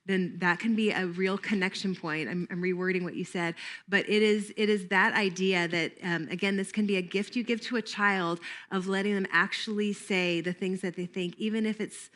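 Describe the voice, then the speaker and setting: A woman's voice: mid-range voice, normal speed, fairly bright tone. A middle-aged woman giving a playful camp training talk to volunteers, laughing often and breaking into made-up jingles.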